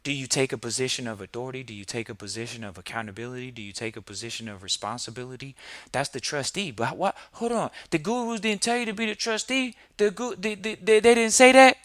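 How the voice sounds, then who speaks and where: A man's voice: medium pitch, quick pace, a bit bright, no room sound. A man hosting a podcast, preaching emphatically in a long monologue and firing off rhetorical questions. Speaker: podcast host.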